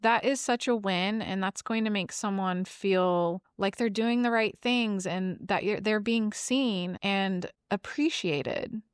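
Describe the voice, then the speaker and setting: A woman hosts her own podcast in a casual monologue, blunt and emphatic, with frequent swearing. Her voice sits at a middle pitch and sounds smooth and clear. The recording is dry and close, with no room sound. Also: slow, hardly any pauses, no echo. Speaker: podcast host.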